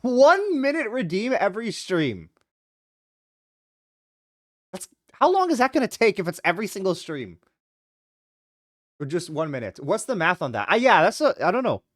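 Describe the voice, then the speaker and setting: A lively streamer whose pitch jumps all over as they chat to viewers and read story text aloud. They ramble in loose, excitable bursts full of "like". The voice sits close and dry on a desk mic, with no room sound. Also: dry recording. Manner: animated and rambling, full of "like" and quick laughs. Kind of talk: casual live-stream chat while reading a visual novel aloud.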